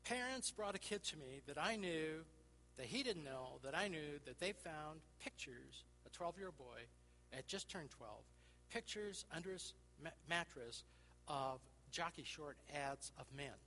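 A man preaching through a personal counseling story, acting out the dialogue, laughing often and dropping to a hushed voice. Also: fairly high pitch, expressive, a little slow, big-room sound, slight background noise, low-quality recording. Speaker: Christian speaker and counselor.

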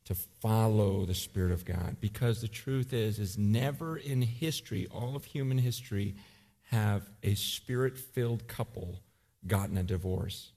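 A man in his forties preaching a sermon, telling a story with animated swings between loud urgency and quiet intensity. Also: fairly low pitch, unhurried. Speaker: pastor.

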